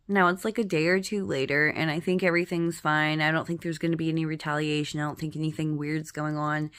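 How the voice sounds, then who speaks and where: A woman's voice: low-pitched, level tone, fast talker, fairly bright tone, clean tone. A middle-aged woman telling a personal ghost story in a chatty, dramatic way, full of fillers. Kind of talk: casual spoken ghost story.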